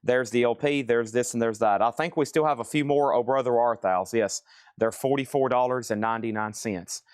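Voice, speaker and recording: Middle-aged guy selling records live from his shop, quick casual patter, mid-pitched, dry sound. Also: clear, resonant tone, no echo. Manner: brisk auctioneer-style listing, casual asides. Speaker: host of a live record sale. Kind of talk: live-stream sales patter. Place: record store with crates and tables.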